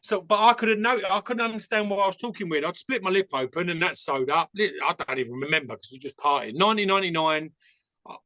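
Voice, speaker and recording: An Englishman with an Essex accent appears as a podcast guest, telling stories casually in a rambling, frank manner packed with fillers. His voice is high, quick and sharp, and the recording is dry and dull.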